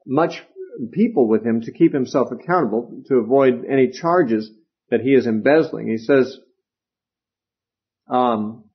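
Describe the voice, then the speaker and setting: A man's voice: medium pitch, vocal fry, slightly rough. A man teaching a Bible lecture in a conversational way, with fillers and asides. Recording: dull, lo-fi lecture recording.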